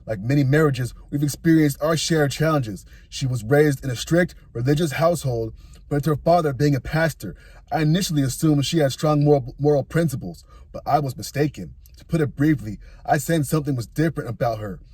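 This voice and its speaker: A man's voice: a little high, brisk, darkish tone, slightly rough, no echo. A man in his thirties narrating a personal story, reading a written account with dry asides.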